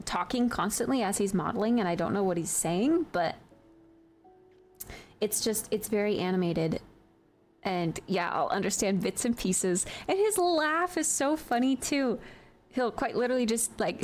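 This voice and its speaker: A woman streamer chatting casually and giggling often while she works on a 3D model. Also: medium pitch. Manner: chatty and giggly, with many fillers.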